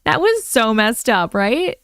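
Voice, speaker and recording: A woman's voice: fairly high pitch, very animated, takes it slowly, fairly bright tone, clean tone, dry recording, studio quality. A woman hosting a live stream from home, chatting casually and bubbling as she reacts to viewers' comments.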